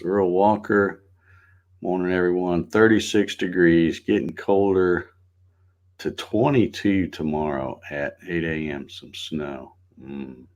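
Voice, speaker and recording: A middle-aged man hosting a casual morning livestream, greeting viewers by name in a relaxed, folksy way. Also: sits low. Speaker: livestream host.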